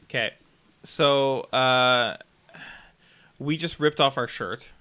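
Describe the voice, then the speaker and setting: A man's voice: mid-range voice, slow pace, bright, forceful tone. A man playing in a live tabletop stream, making brief, laid-back remarks. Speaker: player and co-host. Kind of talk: casual stream chat.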